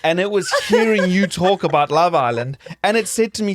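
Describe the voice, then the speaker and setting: A man co-hosting a podcast, chatting in a relaxed, teasing way and often laughing through his stories. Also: high voice, brisk, few pauses, no echo, clean studio sound. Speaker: podcast co-host. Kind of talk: casual chat.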